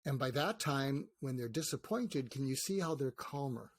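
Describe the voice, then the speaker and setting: A man's voice: medium pitch, normal speed, husky. An older man, a psychiatrist and author, talking in a conversational interview and acting out snippets of dialogue as he explains. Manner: animated storyteller, acts out quoted dialogue.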